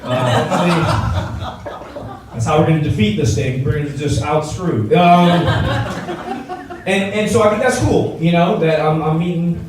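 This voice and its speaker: A young man works a live crowd in a stand-up set, loose and chatty. His voice sits high for a man and carries through a very echoey room. A loud audience is heard around him. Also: moderate pace, recorded from a distance. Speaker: stand-up comedian. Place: event venue before a live audience.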